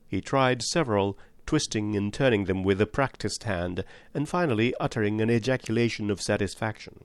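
A man narrating an audiobook in the first person with expressive, scripted storytelling. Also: on the low side, a little fast, few pauses, clear, resonant tone, dry recording.

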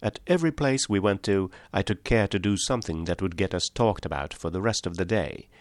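A man's voice: sits low, brisk, dry recording, clean studio sound, natural voice. A man voicing a small, mild country priest in an audiobook, speaking simply and apologetically. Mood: calmly firm.

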